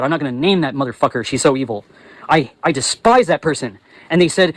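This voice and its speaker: Man, slightly higher voice, angry profane rant, yelling at times, walking while talking, channel host. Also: animated, fast talker, no echo, poor audio. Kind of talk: ranting livestream monologue.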